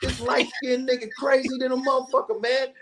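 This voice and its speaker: A man's voice: extremely high pitch, fairly quick, background noise, voice pushed up. A man doing an impression of a startled, profane male entertainer, his voice pushed far up as he exclaims in disbelief. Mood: incredulous. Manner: exclaiming in a raised, excited voice.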